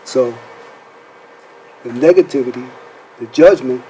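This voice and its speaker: A man's voice: mid-range voice, unhurried, dark tone, slight background noise, poor audio. A man hosting a faith-based counseling talk show, asking rhetorical questions and checking in with "right?" as he speaks. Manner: preacherly, rhetorical questions, says "right?" often.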